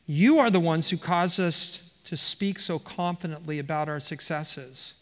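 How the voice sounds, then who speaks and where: Guy preaching in a big echoey hall, high bright voice, keeps restarting his sentences. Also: measured pace. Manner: teaching verse by verse, reading quotes aloud, with repeated restarts. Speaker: pastor. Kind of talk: expository sermon. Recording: reverberant hall.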